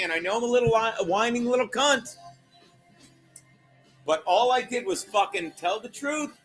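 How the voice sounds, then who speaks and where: A man's voice: very high voice, expressive, moderate pace, long pauses, fairly bright tone, soft background music. A man hosting a casual livestream, rambling through a profane, self-mocking rant. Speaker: livestream host. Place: home livestream.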